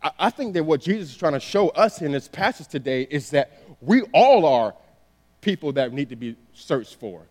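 A man preaching a sermon in a relaxed, conversational storytelling way, often saying "you know". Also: on the high side, moderate pace. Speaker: pastor. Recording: long hall reverb.

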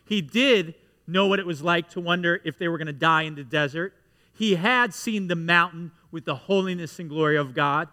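Male pastor, high bright voice, lively storyteller preaching in a church, long reverb. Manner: lively storytelling with audience asides. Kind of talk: sermon. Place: church sanctuary.

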